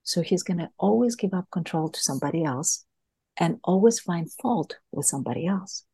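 A woman's voice: lowish voice, lively intonation, moderate pace, warm tone, husky, dry recording. A woman, a guest in a podcast interview, earnestly explaining an idea through a story and often repeating words as she thinks. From Greece.

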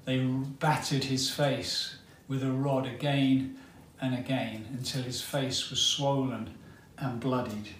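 A male preacher giving a sermon, retelling a story dramatically with long pauses. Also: medium pitch, fairly even intonation, a little hiss or hum. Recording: roomy hall, mic at a distance, faint ambience.

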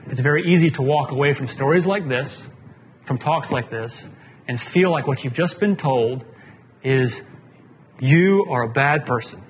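A man's voice: mid-range voice, moderate pace. A man preaching a casual sermon as pastor, plain-spoken and conversational, often putting questions to the congregation. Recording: long hall reverb, faint room noise.

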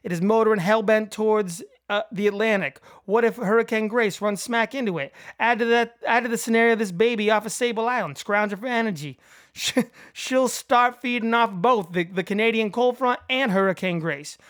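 A man voicing an excited male meteorologist with an attempted Massachusetts accent, reading a movie quote and building to a yell. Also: high voice, normal speed. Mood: worked up. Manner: loud, building excitement, yelling. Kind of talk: quoting a movie in a put-on accent.

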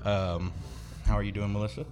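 Very deep-voiced laid-back male host. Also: fairly quick, soft background music. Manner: relaxed, laid-back, frequent agreeing fillers. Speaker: podcast host. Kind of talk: casual chat.

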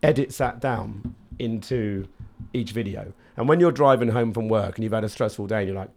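A man's voice: on the low side, fairly quick, vocal fry. A man in his late thirties, a podcast guest chatting casually and acting out little voices as he tells stories. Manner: animated storyteller who acts out little voices.

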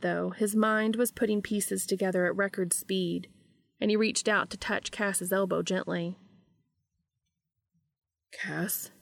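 A woman reading fan fiction aloud in a steady, even storytelling manner. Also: medium pitch, creaky, no echo, clean studio sound.

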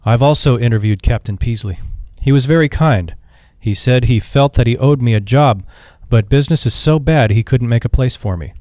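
A man's voice: medium pitch, moderate pace, hardly any pauses, darkish tone, dry recording, studio quality, lightly acted. A man reading aloud and voicing a cheerful, earnest young army veteran looking for work. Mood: eager.

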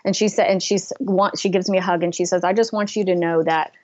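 Woman, business coach, earnest storytelling, lowish voice, muffled lo-fi recording. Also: fairly even intonation, fairly quick. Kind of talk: casual interview storytelling.

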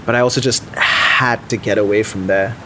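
A man's voice: fairly low pitch, steady tone, normal speed, sharp tone, slight background noise. A young man narrating an audio drama in the first person, anxious and self-deprecating, with faint music underneath. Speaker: narrator and lead character.

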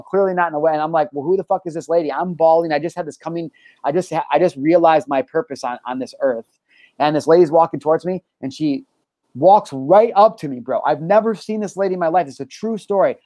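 Male live-show host, slightly high-pitched, lively swearing storyteller, dry close sound. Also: dry recording. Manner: energetic, animated storyteller, swears freely. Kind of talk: casual live-stream chat and storytelling.

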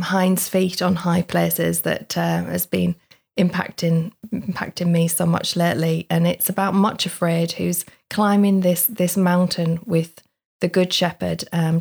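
A woman co-hosting a casual faith chat, thoughtful, with soft affirming murmurs. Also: fairly low pitch, gravelly. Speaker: co-host.

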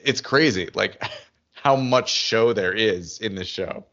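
A man's voice: fairly low pitch, slow, fairly bright tone. A man co-hosting a podcast, chatting casually with lots of fillers and restarts, in muffled audio. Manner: rambling, many fillers and restarts. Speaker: podcast co-host. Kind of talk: casual chat about a TV show.

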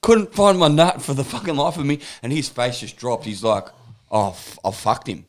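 A man's voice: mid-range voice, very animated, moderate pace. A young Australian man talks in a laid-back, easygoing way. His casual chat is full of swearing and loose anecdotes. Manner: laid-back, sweary, laughs while telling stories.

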